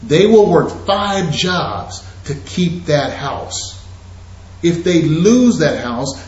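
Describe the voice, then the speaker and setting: A man giving an energetic real estate investing seminar, talking straight to his audience. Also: a little high. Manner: animated, preachy, addresses audience directly. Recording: echoey lo-fi room recording.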